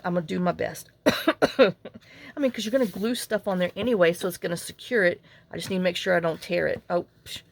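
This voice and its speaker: A woman hosting a casual crafting tutorial, chatty and rambling as she talks viewers through her work. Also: medium pitch. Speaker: crafting channel host.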